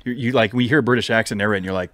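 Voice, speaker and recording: A man's voice: fairly low pitch, racing, fairly bright tone, dry recording. A man co-hosting a podcast in a casual chat, teasing and quizzing his co-host, recorded in a studio.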